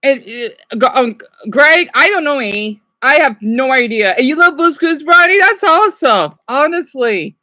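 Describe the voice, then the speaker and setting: A woman streamer rambles through a casual reaction video, excitable and answering her viewers as she goes. Her voice sits a little high, swings widely in pitch and sounds bright. The sound is dry and close. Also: unhurried, hardly any pauses, dry recording.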